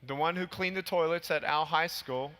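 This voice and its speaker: A man in his thirties delivers a motivational keynote in a huge convention hall. His bright, clear voice sits a little high and punches hard on key points. A long hall reverb trails every phrase. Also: moderate pace. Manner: emphatic, punchy, rises high when stressing points. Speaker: keynote speaker.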